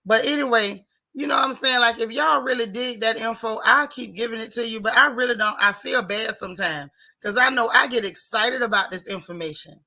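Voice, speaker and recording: A woman hosting a casual livestream, greeting viewers one by one in a lively, down-home way. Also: a little high, a little fast. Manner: lively, Southern-tinged casual talk with chat shout-outs. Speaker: livestream host.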